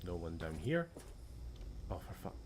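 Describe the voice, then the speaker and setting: A man's voice: low-pitched, big pitch swings, unhurried, a little mellow, slight background noise. A young Scottish man streaming a game, chatting casually, muttering to himself and swearing under his breath with a sarcastic edge. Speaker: gaming streamer. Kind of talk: casual gameplay commentary.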